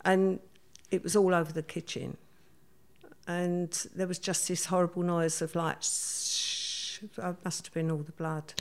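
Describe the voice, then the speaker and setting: A middle-aged woman speaks in a lowish voice. She retells events in a vivid, hurried way, slipping into the voices of the people she quotes. Her delivery is conversational and unscripted. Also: flat delivery, darkish tone. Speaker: interviewee. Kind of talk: conversational storytelling.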